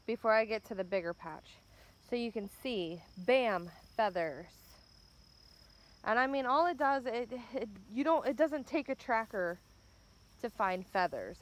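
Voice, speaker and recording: A woman vlogging outdoors by her chicken pen near the woods, talking casually and angrily with some swearing, filmed on a handheld phone. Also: mid-range voice. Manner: angry and upset, swears, keeps saying "bam". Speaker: farm vlogger. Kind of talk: casual walk-and-talk vlog.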